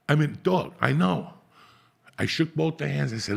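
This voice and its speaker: A middle-aged podcast host who tells stories loosely and with plenty of swearing. His voice is very gravelly and husky. His pitch rises and falls widely as he talks. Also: expressive, normal speed. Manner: profane, rambling street-style storytelling. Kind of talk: casual storytelling chat.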